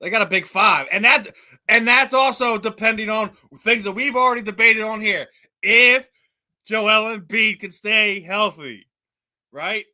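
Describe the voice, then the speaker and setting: A man co-hosting a sports podcast, debating in a halting way with frequent restarts that build into emphatic points. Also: sits high, pushed and bright. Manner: halting, many restarts, rises when making a point.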